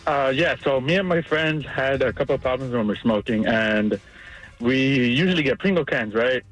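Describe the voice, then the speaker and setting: A man calling in to a radio show, casually and a bit hesitantly pitching his idea. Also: normal speed, fairly bright tone, faint music behind, rough recording. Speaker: radio caller.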